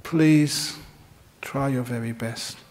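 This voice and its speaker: Man, dharma talk, slow delivery, reflective storytelling. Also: mid-range voice, fairly even intonation, darkish tone. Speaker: Buddhist teacher giving a talk.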